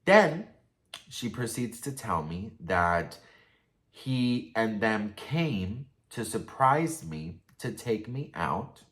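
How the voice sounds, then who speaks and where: A man's voice: fairly low pitch, expressive, slow pace, fairly bright tone. A young man telling a personal story in a casual, profane, gossipy way, full of fillers and asides to his viewers. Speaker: storytime vlogger.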